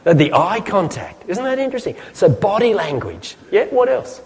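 Male preacher, chatty and audience-engaging, animated tone, long hall reverb. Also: high-pitched, normal speed. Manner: lively, chatty, asks the audience questions. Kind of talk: sermon.

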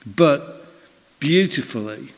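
Male preacher, mid-pitched, chatty storyteller, voices the people he quotes, church hall reverb. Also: lively intonation, takes it slowly. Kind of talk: sermon with personal anecdote.

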